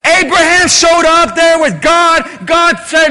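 A male pastor preaching emphatically and calling on the congregation to answer back. His voice sits very high and sounds bright and sharp. A long reverb rings around him in a big church hall. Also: steady tone, slow. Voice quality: emphatic, call-and-response preaching. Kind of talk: sermon.

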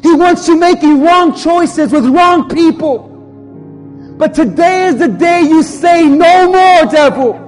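High-voiced pastor preaching in a reverberant church. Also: male voice, slow pace. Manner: impassioned, repetitive preaching cadence. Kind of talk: altar-call sermon and led prayer. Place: church sanctuary. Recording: long hall reverb, faint music.

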